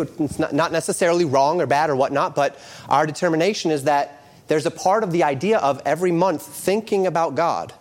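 A middle-aged male pastor preaching a sermon, moving from quoted scripture into lively storytelling. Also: fairly high pitch.

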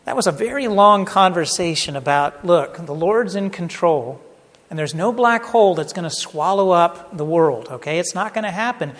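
A man's voice: high-pitched, lively intonation, moderate pace, a bit bright. Middle-aged guy preaching, chatty and joking, voice rings out in a big reverby hall. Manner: conversational preaching with asides and humor. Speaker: pastor. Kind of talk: sermon.

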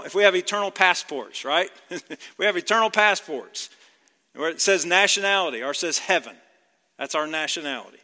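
A man's voice: on the high side, pushed and bright, long reverb tail. A male pastor from Georgia preaching a sermon in a conversational way, often checking in with "right?".

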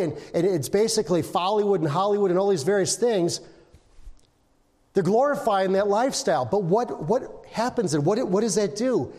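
A man's voice: sits high, a little mellow, big-room sound. An older man preaching an informal sermon, chatting with the congregation, asking questions and breaking into little sung snippets. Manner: conversational, asks the congregation questions, hums and sings snippets. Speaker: pastor.

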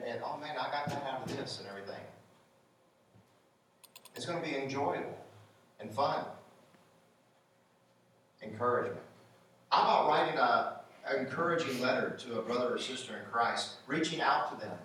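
A man's voice: mid-range voice, fairly bright tone, slight background noise. Preacher guy, chatty encouraging sermon, big echoey church sound, mic kinda far off. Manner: conversational, encouraging preaching with rhetorical questions. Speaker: pastor. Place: church sanctuary. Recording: echoey room, voice from a distance.

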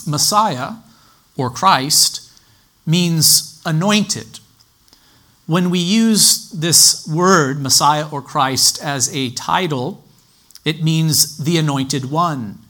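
A man teaching a sermon in a measured, explanatory way, citing scripture references as he goes. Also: fairly high pitch, pushed and bright. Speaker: Bible teacher.

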